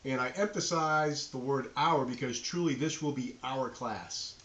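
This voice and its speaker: A man's voice: medium pitch, normal speed, fairly bright tone, echoey room. A middle-aged man from New Hampshire with a New England accent, an enthusiastic university instructor introducing his course to students. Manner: enthusiastic, friendly, addresses students directly.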